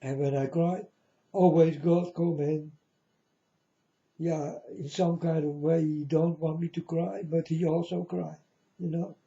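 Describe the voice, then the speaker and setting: A man giving a mournful prophetic warning monologue, slowly speaking straight to his listeners and calling them folks. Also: on the high side, flat delivery, gravelly, mellow. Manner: slow, mournful, repeatedly addresses listeners as folks. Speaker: self-styled prophet. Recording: dull lo-fi audio.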